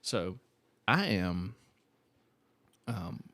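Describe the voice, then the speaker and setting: Animated low-voiced man telling a story. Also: drawn-out words, vocal fry. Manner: animated, self-deprecating storyteller who acts out quoted dialogue. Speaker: podcast co-host. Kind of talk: casual chat, storytelling.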